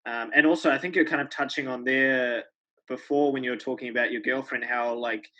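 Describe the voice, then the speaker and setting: A man hosting a podcast in a bright, forward voice of middle pitch. He talks earnestly and thoughtfully, with a slightly dull recorded sound. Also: fairly even intonation, fairly quick. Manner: earnest, reflective, many tag questions. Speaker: podcast host. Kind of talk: podcast interview.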